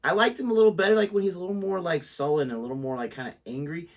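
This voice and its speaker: A man's voice: high-pitched, racing. A man co-hosting a reaction video, chatting casually and hesitantly, with lots of "like" as he searches for his words. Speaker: reaction channel co-host. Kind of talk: casual chat.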